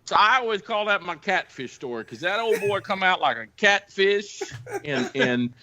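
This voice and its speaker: A middle-aged man from the Ozarks telling a crude police story on a podcast in a rambling, animated way. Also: high voice, normal speed, a crowd in the background. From Ozarks, United States. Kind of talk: casual storytelling chat.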